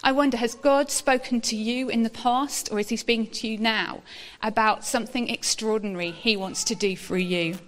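A woman preaching a sermon in an earnest, measured way. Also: a little high, fairly even intonation, a bit bright, slight background noise.

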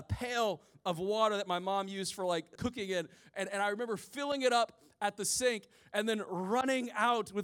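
A man's voice: sits high, fairly bright tone, clear, resonant tone. A man in his forties, a pastor preaching a sermon to his congregation, telling stories with humorous asides. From rural Midwest of the US. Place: church before a congregation.

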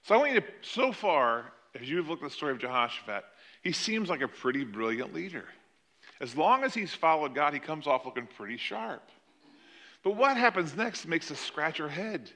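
Bright-voiced animated male preacher. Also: fairly high pitch. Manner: animated storytelling, acting out quoted lines. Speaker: pastor. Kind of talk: sermon.

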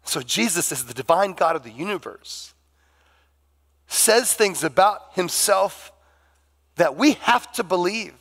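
A man preaching a sermon as pastor, animated and acting out the dialogue of the people in his story. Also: high voice. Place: church sanctuary.

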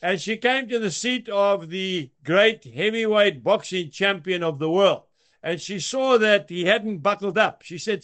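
A man's voice: high-pitched, measured pace. A man giving a short daily devotional, telling anecdotes with chuckles. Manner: warm storytelling with chuckles. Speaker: devotional speaker.

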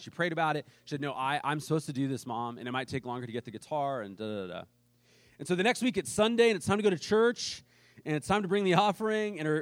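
Male pastor, conversational sermon delivery, lively quoted voices, dry recording. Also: medium pitch, dry recording. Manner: casual storytelling with animated quoted voices.

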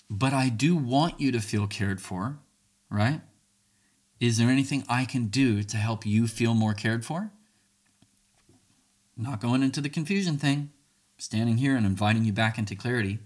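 Speaking at a normal speed with frequent pauses, a man offers casual advice on handling difficult conversations. He's animated, playing both sides of each argument with jumps in pitch and laughing a lot.

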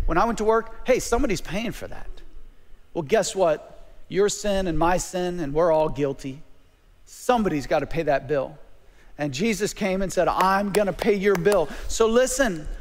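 A man preaching a sermon as pastor, calling for amens and dropping to a hush at times. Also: high-pitched, big-room sound. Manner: call-and-response preaching, swinging from loud to hushed.

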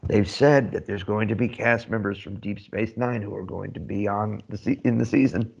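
A man co-hosting a casual chat, unhurried and informative. His voice sits a little low, and the recording sounds dull and lo-fi. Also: fairly even intonation, gravelly, a little mellow, husky. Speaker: podcast co-host. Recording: dull lo-fi audio.

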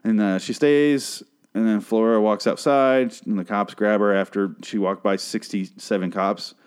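A man's voice: on the low side, steady tone, moderate pace, clear, resonant tone. A man casually recapping a TV episode, rambling and sarcastic, swearing often. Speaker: show recap host.

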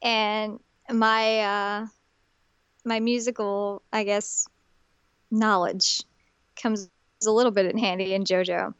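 A woman's voice: mid-range voice, little pitch movement, slow, long pauses, clear, resonant tone, dry recording, lo-fi sound. A young woman co-hosting a podcast, chatting casually with many fillers and restarts. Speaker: podcast co-host. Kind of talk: casual chat.

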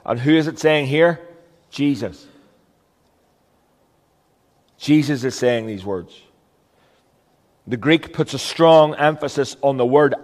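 A man's voice: mid-range voice, darkish tone, in a large hall. A man preaching a sermon as a pastor, earnest and emphatic, with rhetorical questions.

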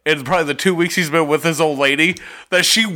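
A man's voice: fairly high pitch, fairly even intonation, fast, bright, forceful tone. A young man telling rowdy stories in casual chat, swearing freely and laughing as he talks. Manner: profane, laughing storyteller.

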